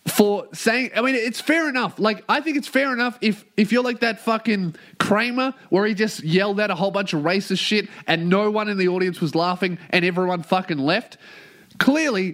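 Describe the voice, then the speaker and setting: A man hosting a solo comedy podcast, ranting and telling a story with plenty of swearing. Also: high-pitched. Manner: profane, ranting, animated storytelling. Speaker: podcast host.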